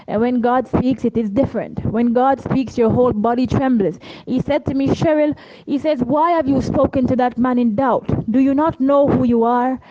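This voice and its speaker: A woman's voice: high-pitched, fairly even intonation, normal speed, few pauses, no echo, dull audio. A Jamaican woman telling a religious testimony about her travels as a preacher, acting out the voices of the people she met. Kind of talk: testimony storytelling.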